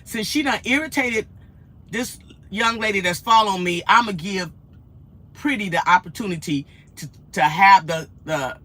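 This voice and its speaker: A woman, vlogging in an animated, chatty way and telling stories. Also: lowish voice. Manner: animated, laughs often, acts out quotes. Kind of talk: casual chatty storytelling.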